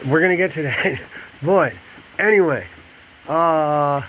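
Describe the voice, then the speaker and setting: A man's voice: a little high, slow, a bit bright, slight background noise. Rambling man talking to camera. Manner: rambling, candid, jumps between thoughts; paces while talking. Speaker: vlogger and podcast host. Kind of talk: casual confessional monologue to camera.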